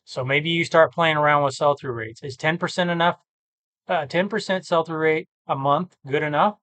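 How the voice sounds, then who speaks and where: A tired man who talks casually and thinks out loud, rambling and correcting himself as he works through reseller listings. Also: on the high side, normal speed, no echo. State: tired, yawning. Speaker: eBay reseller vlogger. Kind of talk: casual screen-share commentary.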